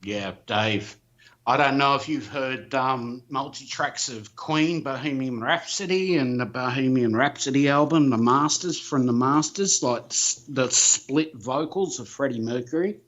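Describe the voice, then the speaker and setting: A man in casual podcast chat, excitable and profane, laughing often. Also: medium pitch, measured pace, dull audio.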